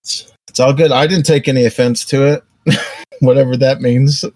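A male podcast co-host chats casually, easygoing and jokey, sometimes dropping into mock accents. His mid-range voice has fairly even intonation, a moderate pace and a slightly mellow quality, in a dry recording.

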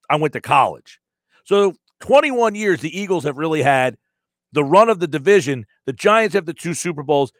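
A sports radio host in his forties talks in a loose, rambling way, circling back to read listener texts off the board. His voice sits a little high for a man and is recorded close and dry in the studio, with no room sound around it. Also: no echo. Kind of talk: casual sports talk.

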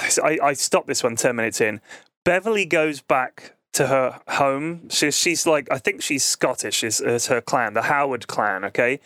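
A man's voice: a little high, a bit bright, clean tone, no echo, studio quality. A man in his thirties telling stories in a casual podcast chat, laughing easily. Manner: chatty storytelling, laughs easily. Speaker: podcast co-host.

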